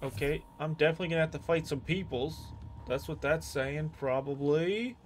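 Jumpy high-voiced gaming streamer man. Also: moderate pace, slight background noise. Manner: jumpy, excitable, swearing, shouting at the game. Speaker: streamer playing a horror game. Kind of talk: gameplay commentary.

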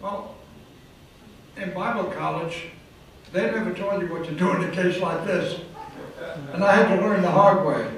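A male preacher tells a dramatic story at a slow, deliberate pace. His voice sits fairly high for a man. The sound is recorded from across a very echoey hotel hall, with faint noise behind it. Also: a bit bright, distant mic.

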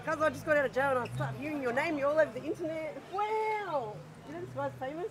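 A woman fan on a suburban street, talking in an excitable, rambling way and swearing. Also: sits high, quick pace, crowd noise. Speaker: passer-by fan. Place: busy suburban street outdoors.

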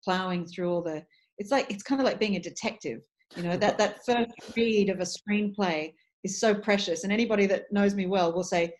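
Speaking quite fast at a middle pitch, a woman answers interview questions; she coaches voice and dialect for a living. Her delivery is lively and well-spoken, with occasional restarted phrases.

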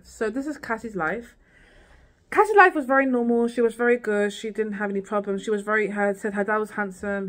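A woman's voice: medium pitch, fairly bright tone. A woman vlogging a casual, rambling recap of a TV series, full of "like" and "girl" asides.

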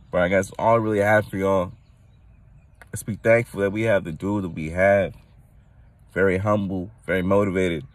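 A man hosting his own podcast, talking loosely and excitedly, rambling with restarts and laughing at his own jokes, a bit tired from little sleep. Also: low-pitched. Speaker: podcast host. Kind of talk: casual solo podcast rant.

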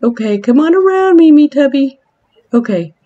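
A woman casually narrating a video game island tour, giggly and excitable, with playful squeals of mock fright and laughter at her own jokes. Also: high-pitched, moderate pace, muffled recording. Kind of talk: casual gameplay commentary.

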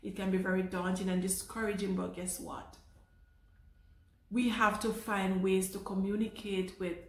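Jamaican woman teacher, chatty vlogger, animated storyteller with easy laughs, roomy echo. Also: mid-range voice, normal speed. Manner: animated, laughing, repeats words. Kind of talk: casual vlog storytelling. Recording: echoey room.

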